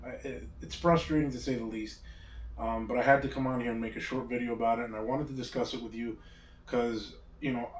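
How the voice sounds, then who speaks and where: Male host, rambling casual talker, sits back from the mic in a roomy space. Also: mid-range voice. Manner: rambling, hesitant, restarts often. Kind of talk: casual chat. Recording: roomy echo, distant mic, faint background hum.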